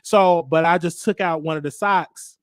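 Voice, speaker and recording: A man hosting a show, telling a comic story in a lively, joking monologue. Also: moderate pace, dry recording, studio quality. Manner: animated storytelling, jumping into high voices for others. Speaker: host. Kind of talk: comedic monologue.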